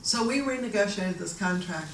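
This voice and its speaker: A woman telling a story from her own life in a casual, animated way, often laughing and acting out the voices of the people in it. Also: mid-range voice, moderate pace, a little hiss or hum. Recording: echoey room, voice a bit distant.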